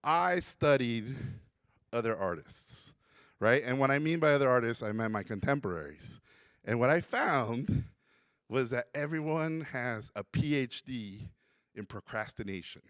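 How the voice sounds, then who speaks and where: Animated storytelling man from Mexico. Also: medium pitch, measured pace, clear, resonant tone, no echo, clean studio sound. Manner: animated storyteller who acts out quotes. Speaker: conference speaker. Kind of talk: storytelling keynote talk. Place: conference hall.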